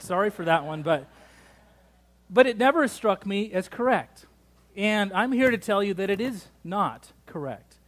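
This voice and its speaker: A pastor preaching a sermon in a church, joking and drawing the congregation in. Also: male voice, sits high. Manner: lively, joking, engages the congregation.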